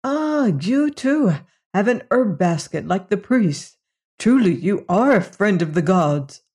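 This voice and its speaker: A reader voicing a gentle, sorrowful alien villager who speaks in formal, old-fashioned phrases, in an audiobook story. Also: mid-range voice, sing-song, takes it slowly, husky, full character voice. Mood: hopeful. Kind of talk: audiobook reading.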